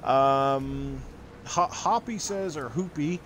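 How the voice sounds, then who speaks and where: A man's voice: fairly high pitch, slow, fairly bright tone, slight background noise. A man hosting a casual gaming livestream talk show, rambling loosely and reading viewer comments aloud. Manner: loose and rambling, full of "like" and "you know". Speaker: podcast host reading stream chat. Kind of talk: casual chat.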